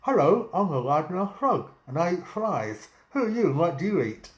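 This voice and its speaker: A man's voice: a little high, sing-song, moderate pace, echoey room, pitched above the performer's own voice. A man voicing a cheerful male wide-mouthed frog in a spoken joke. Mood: chirpy.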